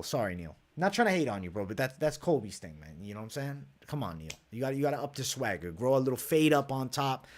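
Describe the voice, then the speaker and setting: A man's voice: medium pitch, sing-song, fast, few pauses. A young man hosting a late-night live stream, breaking down fight picks and betting odds in a brash, profane, hyped-up way while reading viewer comments aloud. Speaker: MMA livestream host.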